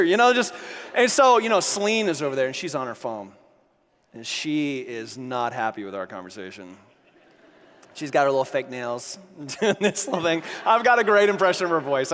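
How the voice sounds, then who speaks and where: A man with a high voice tells stories from the stage in an animated sermon. He acts out the lines of the people in his stories and laughs with the audience. A long reverb from the large hall carries his voice over faint noise. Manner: animated, acts out quotes, laughs along with the crowd. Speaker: conference speaker. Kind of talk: energetic storytelling sermon.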